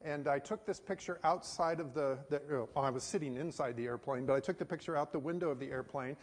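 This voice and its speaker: A man's voice: a little high, fast talker. A middle-aged American man, a missionary pastor, preaching a sermon and telling a personal story in a folksy way with many fillers. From United States. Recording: hall reverb.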